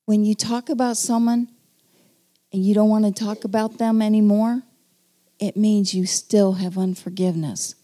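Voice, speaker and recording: A woman giving an earnest testimony sermon, telling her story with pauses and then calling the congregation to stand. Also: mid-range voice, fairly even intonation, mellow. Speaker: preacher.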